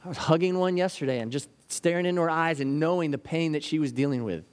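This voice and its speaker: A man's voice: a little high, fast. A man preaching a sermon as a pastor, earnest and story-driven, sometimes acting out the anxious voices of children. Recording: hall with long reverb.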